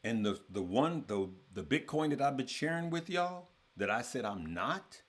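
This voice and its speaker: A man's voice: mid-range voice, sing-song, moderate pace. A man hosting a trading course, talking casually to his members and repeating phrases for emphasis.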